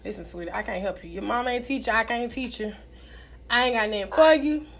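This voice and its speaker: A young woman in casual chat, telling stories loudly and brashly with plenty of cussing. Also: on the high side, quick pace, gravelly. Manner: loud, brash storytelling, cussing freely.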